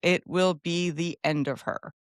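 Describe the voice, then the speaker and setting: A woman co-hosting a podcast in casual chat, enthusiastic and rambling, with quick asides. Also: lowish voice, fairly even intonation, clean tone, dry recording, studio quality. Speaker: podcast co-host.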